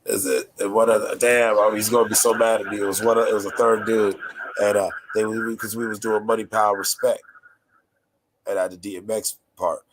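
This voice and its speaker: A man from North Carolina with a raspy, nasal voice, chatting casually as a podcast host in a laid-back, rambling, slangy way. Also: on the low side, level tone, a little fast, noisy background. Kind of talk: casual chat.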